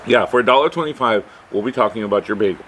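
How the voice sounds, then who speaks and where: Middle-aged guy rambling thru a story, lowish voice, bit of hiss behind. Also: rapid-fire, fairly bright tone. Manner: rambling, many "right?" asides. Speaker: podcast co-host. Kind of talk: casual storytelling chat. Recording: faint background noise.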